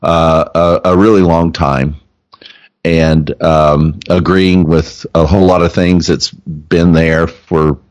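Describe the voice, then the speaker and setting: Deep-voiced, halting male podcast host. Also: flat delivery. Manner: halting, full of ums and uhs. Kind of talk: casual chat.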